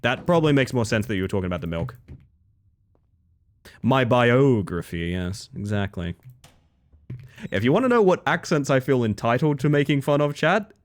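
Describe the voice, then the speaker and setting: A young man chats with his stream audience in a loose, joking way. His voice sits at an ordinary pitch but swings up and down with a lot of life. He teases himself and keeps things light. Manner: chatty, playful, self-mocking, laughs often. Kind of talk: casual gaming stream chat.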